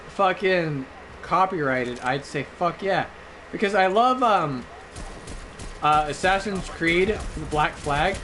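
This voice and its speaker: Here a gaming streamer, young and drunk, talks casually over his gameplay in a voice on the high side. He's loud and rambling, with sudden outbursts of song, and a faint hiss or hum sits under the audio.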